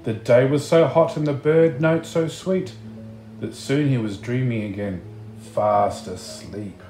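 A man reading a picture book aloud, slow and expressive, chatting to the listener between pages. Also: medium pitch, roomy sound, soft background music. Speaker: storybook reader.

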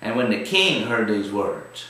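A man's voice: on the low side, sing-song, measured pace, pushed and bright. A man teaching a televised Bible study in a folksy, emphatic way. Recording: very echoey room, distant mic.

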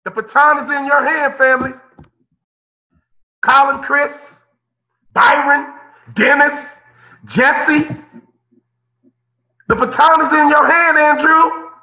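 A man's voice: extremely high pitch, steady tone, slow pace, pauses often, bright, forceful tone, low-quality recording. A man in his fifties giving an impassioned keynote over a video call, preacher-like, repeating phrases and calling out listeners by name. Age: 50s. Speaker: motivational keynote speaker.

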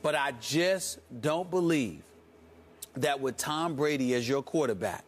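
A man making a forceful, quick case as a commentator on a sports debate show. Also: fairly high pitch, expressive.

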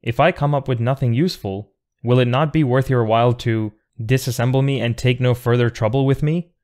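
A man's voice: mid-range voice, fairly even intonation, a little fast, darkish tone, natural voice. A man reading an audiobook, voicing a thoughtful, defiant man in an earnest, precise, argumentative way.

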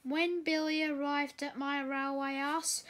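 A woman reads a children's picture book aloud, slowly and gently, now and then tripping and restarting a phrase. Her voice is high and the pace is unhurried. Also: level tone. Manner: gentle, with small slips and restarts. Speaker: reader. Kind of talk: reading a children's storybook aloud.

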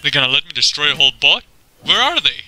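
A man giving profane, excitable commentary over his own gameplay, trash-talking opponents and breaking into laughter and yelps. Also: quick pace, slight background noise. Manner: frequent laughter and sudden high yelps. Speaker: gamer recording his own match.

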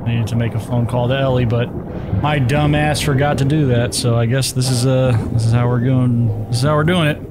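A man's voice: medium pitch, steady tone, a little fast, very noisy. A man giving casual, profane commentary while playing a video game, reacting to the action and talking to himself. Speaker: gaming YouTuber.

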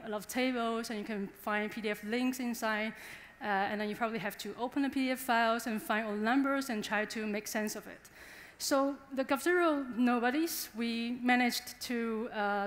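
A young woman speaks at a conference, chatty and engaging as she talks straight to the crowd. Her voice sits fairly high. A long reverb trails off the hall walls. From Taiwan. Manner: chatty and engaging, addresses the audience directly. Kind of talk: conference presentation.

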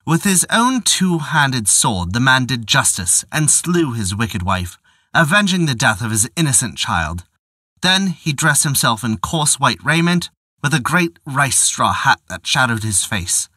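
A man narrating a folk tale in a measured, old-fashioned storytelling manner. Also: mid-range voice, big pitch swings, pushed and bright, dry recording, studio quality.

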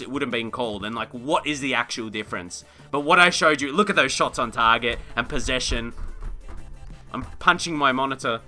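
A young man commentating his own football video game, excitable and quick to rant in frustration. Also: mid-range voice, faint music behind. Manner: excitable, swings into frustrated shouting and rants. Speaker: gaming YouTuber. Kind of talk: live gameplay commentary.

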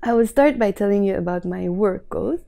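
Mellow-voiced Lebanese woman teaching. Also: mid-range voice, creaky. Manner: slow careful word-by-word explanations. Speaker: Arabic teacher. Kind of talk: casual vlog lesson.

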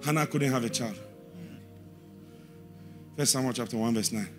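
A man with a Ghanaian English accent preaching a sermon in a church, repeating verse references and swinging from quiet asides to shouted, sing-song emphasis. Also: mid-range voice, moderate pace, soft background music.

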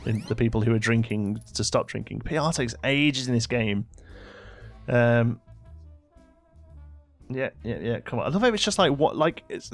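A young man giving casual gameplay commentary, bossing his in-game characters around with mock exasperation. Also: mid-range voice. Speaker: let's play host.

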